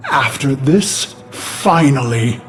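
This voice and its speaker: Ordis: a haunted, vengeful warlord. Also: male voice, medium pitch, expressive, faint music behind. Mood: defiant. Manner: slow, grave, haunted inner monologue. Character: brooding, vengeful human warlord recalling his past. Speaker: narrator of a memory. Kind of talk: game cutscene narration.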